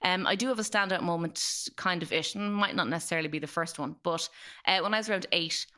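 Galway woman in studio chatting on a podcast, joking around, bright crisp voice. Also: on the low side, fast talker. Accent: Irish. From Galway, Ireland. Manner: playful, jokey storyteller. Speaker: podcast guest, comedian. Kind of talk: casual chat.

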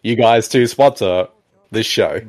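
A man co-hosting a podcast, chatting casually as he riffs on a movie, laughing often and talking with excitement. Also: on the low side, moderate pace. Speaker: podcast co-host. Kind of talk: casual movie riffing chat.

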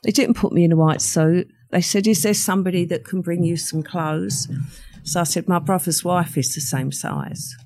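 A woman's voice: on the low side, moderate pace, darkish tone. Older woman retelling a crime. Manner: vivid storytelling, acts out quoted voices. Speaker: interview guest. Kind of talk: recounting a true crime story.

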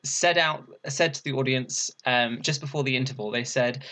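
An animated young man tells his story as an interview guest. He laughs often and raises his voice high whenever he acts out what someone said. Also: normal speed. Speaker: interview guest, burlesque performer.

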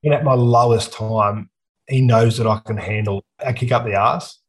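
A man's voice: mid-range voice, steady tone, moderate pace, slightly rough, rough recording. A man in his thirties with an Australian accent, a guest speaking bluntly and earnestly about his life, swearing freely and often saying "mate". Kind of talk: candid personal storytelling.

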